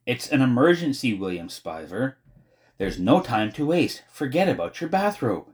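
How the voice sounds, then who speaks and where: A man's voice: mid-range voice, sing-song, moderate pace, pitched above the performer's own voice, close to an everyday voice. A man voicing a desperate, determined young girl who talks urgently and insistently in an audiobook. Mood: frantic. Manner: urgent, insistent, often shouting. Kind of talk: audiobook character voice.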